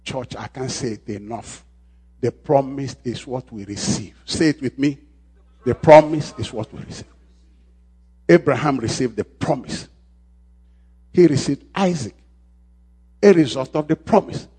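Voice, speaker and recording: A male pastor preaching a sermon, repeating key phrases and calling on the congregation to answer, swinging between shouts and quiet lines. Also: medium pitch, a little slow, pauses often, husky.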